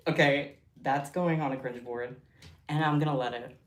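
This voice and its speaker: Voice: mid-range voice, fairly even intonation, moderate pace, slight background noise. A livestream host chatting casually while crafting, giggly and rambling off on tangents. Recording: roomy echo.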